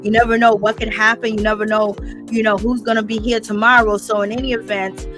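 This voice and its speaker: A woman's voice: on the high side, level tone, a little fast, over music. A woman hosting a call-in channel, recapping a reality show in a chatty, casual way and talking straight to her viewers. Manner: chatty, with many fillers, speaks straight to viewers. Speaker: host of a call-in commentary channel.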